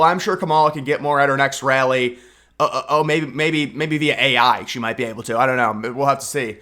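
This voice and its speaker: A man's voice: mid-range voice, fairly quick, pushed and bright. A young man giving casual political commentary in a mocking, sarcastic way, often restarting his sentences.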